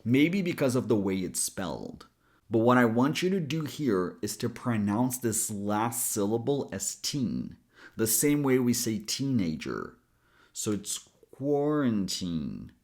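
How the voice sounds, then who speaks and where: Slow, lively-voiced male pronunciation coach. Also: mid-range voice. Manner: slow, drawn-out demonstration of sounds. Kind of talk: pronunciation lesson.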